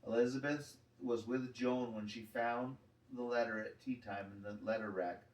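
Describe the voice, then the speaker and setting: A man reads a children's chapter book aloud, calm and steady in his storytelling. His voice is mid-pitched and sits back from the mic in a roomy space. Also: normal speed, distant mic.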